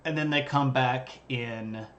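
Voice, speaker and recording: A man's voice: mid-range voice, slow, fairly bright tone, muffled recording, a little hiss or hum. A man hosting a livestream, giving a casual, joking history lecture and bantering with viewers' chat. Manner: jokey and conversational, bantering with chat. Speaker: history streamer. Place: streaming setup.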